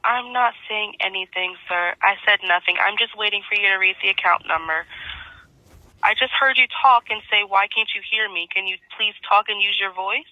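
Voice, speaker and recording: A woman's voice: medium pitch, moderate pace, no echo. A woman working as a call agent who politely repeats herself with patient insistence over the phone. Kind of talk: scripted customer-service phone talk. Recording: dull, dry phone line.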